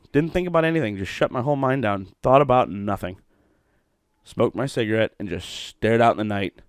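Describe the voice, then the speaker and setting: A man's voice: on the low side, no room sound, studio quality. A middle-aged man from Ohio hosting a solo podcast, rambling, swearing and mocking himself. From Ohio, USA. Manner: rambling, profane, self-mocking. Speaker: podcast host.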